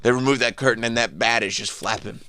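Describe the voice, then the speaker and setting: A man's voice: medium pitch, quick pace. A man with a New York accent hosting a radio show, joking around in casual studio banter. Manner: joking, animated, breaks into laughter.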